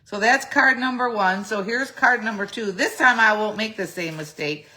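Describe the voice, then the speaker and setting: A woman's voice: medium pitch, normal speed, bright, forceful tone. Chatty woman demonstrating a craft. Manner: chatty, thinks aloud, self-correcting. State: clearing a phlegmy throat. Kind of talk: casual step-by-step craft tutorial.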